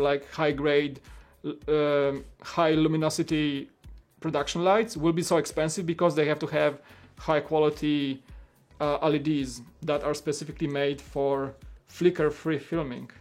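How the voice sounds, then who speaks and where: Man, casual livestream chat, rambling, slightly higher voice, faint music behind. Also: darkish tone. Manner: rambling, heavy use of "like" and restarts. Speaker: livestream host.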